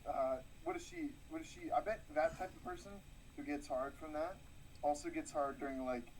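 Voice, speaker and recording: A man's voice: fairly high pitch, expressive, normal speed, a little mellow, a little hiss or hum, rough recording. A man co-hosting a podcast, delivering crude jokes in a dry, rambling way. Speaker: podcast co-host. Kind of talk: crude comedic banter.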